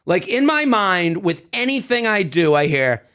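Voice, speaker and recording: A man in his thirties co-hosting a podcast, telling stories in animated casual chat and swearing freely. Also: high voice, normal speed. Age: 30s. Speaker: podcast co-host.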